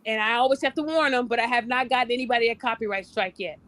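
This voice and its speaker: A blunt woman hosts a casual podcast and gives relationship advice, with a high, bright voice. She speaks frankly and now and then slips into other people's voices to make her point. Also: quick pace. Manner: blunt, animated, acts out quoted voices. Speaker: podcast host and relationship coach.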